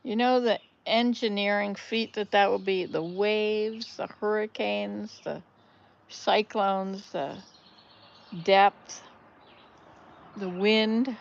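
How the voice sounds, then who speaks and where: An older woman, a grandmother, chatting casually and telling jokes on her vlog, laughing loudly at the punchlines. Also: medium pitch, fairly even intonation, takes it slowly, vocal fry, highs cut off, slight background noise. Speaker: vlogger. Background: birdsong.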